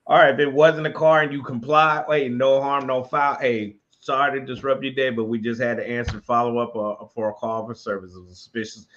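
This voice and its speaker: Male co-host commenting casually, mid-pitched, recorded with a dull lo-fi sound. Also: level tone, fairly quick, few pauses, a bit bright. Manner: rambling, many restarts and fillers. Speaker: show co-host.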